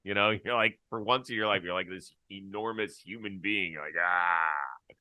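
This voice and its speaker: A man's voice: fairly low pitch, fairly quick, bright, forceful tone, no echo. A man hosting a sports talk show, chatting in a wry, easygoing way and laughing easily. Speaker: host.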